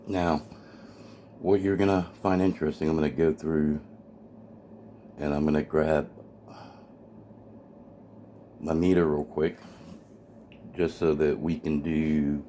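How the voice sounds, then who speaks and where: Very low-voiced eager man on a noisy recording. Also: a little slow, long pauses. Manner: eager, excitable explaining. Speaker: amateur radio hobbyist building a kit. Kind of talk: hands-on kit assembly walkthrough. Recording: noisy home video recording.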